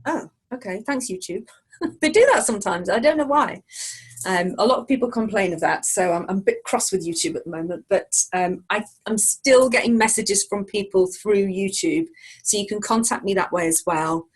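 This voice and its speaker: A woman talking casually as an interview guest, lively and quick to laugh. Her voice is slightly husky and breathy. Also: mid-range voice. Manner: animated, laughs often. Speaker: psychic, guest.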